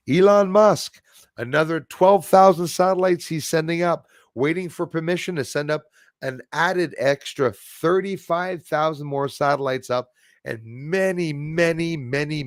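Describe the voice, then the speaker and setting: A man's voice: mid-range voice, no echo, studio quality. A man hosting a casual livestream chat, rambling and reading out viewer comments. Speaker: livestream host.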